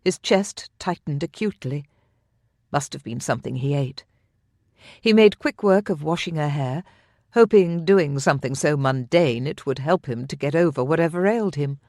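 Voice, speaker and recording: An audiobook narrator reading scripted romance narration in a measured, intimate manner into a close studio mic. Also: mid-range voice, darkish tone, no echo.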